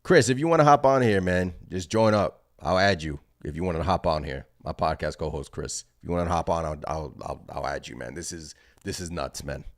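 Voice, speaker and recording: A man hosting a basketball fan channel, reacting live in an excited, rambling way as he thinks aloud. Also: low-pitched, brisk, few pauses.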